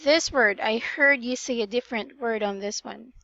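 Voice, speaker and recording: A woman's voice: on the high side, moderate pace, fairly bright tone, no room sound, lo-fi sound. A woman tutoring English pronunciation in a one-on-one online session, patiently drilling words and correcting vowel sounds.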